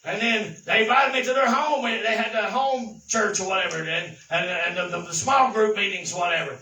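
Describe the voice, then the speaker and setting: A man preaching a sermon, telling folksy stories and building to shouted exhortation. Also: high voice, normal speed, echoey room, far from the mic, slight background noise, rough recording. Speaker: pastor.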